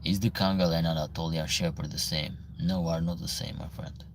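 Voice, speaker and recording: A man from Albania with an Albanian accent, hosting a casual livestream Q&A, reading viewer comments aloud and answering in halting, broken English. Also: very deep voice, fairly even intonation, noisy background.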